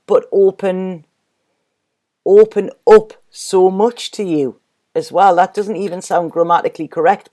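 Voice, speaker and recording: Rambling woman tarot reader, mellow voice. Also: medium pitch. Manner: rambling, repeats words, warm and effusive. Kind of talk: casual tarot reading vlog.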